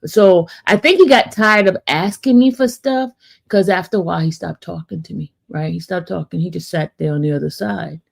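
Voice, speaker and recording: A woman's voice: fairly low pitch, normal speed, gravelly. Chatty woman telling a story. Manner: chatty, animated, often asks "right?" and addresses "y'all". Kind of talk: casual storytelling to viewers.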